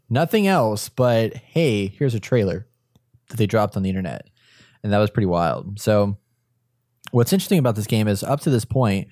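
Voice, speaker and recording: A man's voice: fairly low pitch, a little mellow, dry recording, clean studio sound. A man from Texas co-hosting a casual video game podcast, chatty and enthusiastic when reading the news. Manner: upbeat, enthusiastic about racing games. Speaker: podcast co-host.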